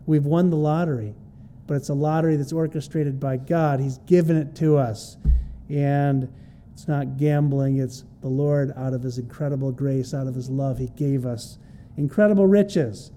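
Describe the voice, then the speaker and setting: A man's voice: medium pitch, normal speed, warm tone, a little hiss or hum. A man preaching an expository sermon, teaching verse by verse in a plain conversational way and repeating key phrases for emphasis. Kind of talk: expository sermon on a Bible passage.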